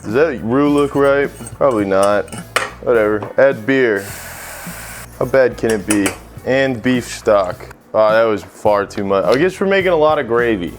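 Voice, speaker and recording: A man's voice: mid-range voice, animated, normal speed. A young American man hosting a casual cooking vlog, joking and swearing as he rambles over faint music. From United States. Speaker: cooking channel host.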